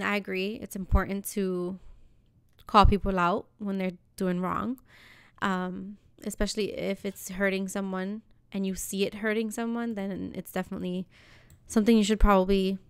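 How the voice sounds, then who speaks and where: A woman's voice: mid-range voice, creaky, clean tone, no room sound, clean studio sound. A woman casually telling an exasperated story on a podcast, with lots of "like". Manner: exasperated, animated retelling with lots of "like".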